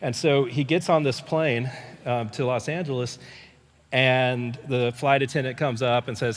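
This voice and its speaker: Pastor in echoing church hall. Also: male voice, mid-range voice, steady tone, unhurried. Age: older. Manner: conversational storytelling with many restarts and fillers. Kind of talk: sermon. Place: church sanctuary. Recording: long hall reverb.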